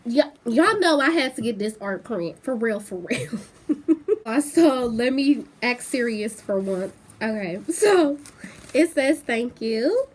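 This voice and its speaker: Excitable young woman, high lively voice. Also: unhurried, a little hiss or hum. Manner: gushing, excitable, squeals and laughs often. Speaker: vlogger. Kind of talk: casual unboxing vlog. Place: home bedroom.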